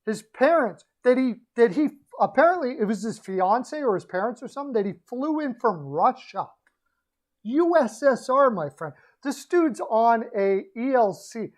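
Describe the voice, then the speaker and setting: A man with a very high, lively voice talks at a moderate pace while hosting a casual hockey livestream. He rambles through a sports betting and hockey rant, full of opinions and often restarting his sentences to correct himself.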